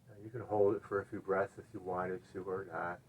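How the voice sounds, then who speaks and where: A middle-aged man with a fairly low voice talks a class through gentle chair yoga. He cues each stretch and breath in an easygoing way. His words often drop to a soft, quiet murmur between instructions. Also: brisk, slightly rough. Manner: gentle, relaxed cueing with frequent quiet "all right"s.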